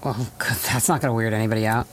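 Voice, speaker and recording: A man's voice: fairly low pitch, fairly even intonation, racing, fairly bright tone. A man co-hosting a morning radio show, chiming in with dry, sarcastic quips. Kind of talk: casual morning radio banter.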